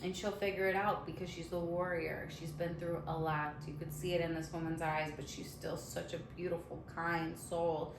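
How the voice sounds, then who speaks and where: A woman's voice: fairly low pitch, little pitch movement, normal speed, gravelly, few pauses, echoey room, noisy background. A woman hosting a podcast from her apartment, talking in a heartfelt, earnest way and offering faith-filled encouragement. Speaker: podcast host. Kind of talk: casual inspirational talk. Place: apartment room at home.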